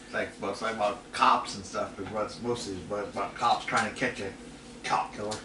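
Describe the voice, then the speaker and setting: Low-voiced guy mumbling from across a roomy space, noisy background. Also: steady tone, recorded from a distance. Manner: halting, trails off. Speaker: co-host. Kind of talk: casual chat.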